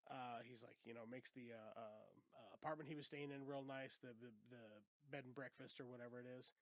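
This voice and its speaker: A man's voice: medium pitch, steady tone, no room sound. A man co-hosting a podcast, loosely retelling a film's plot in casual chat and quoting characters as he goes. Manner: loose, swearing, retells scenes with quick quoted voices. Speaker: podcast co-host. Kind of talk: casual movie recap chat.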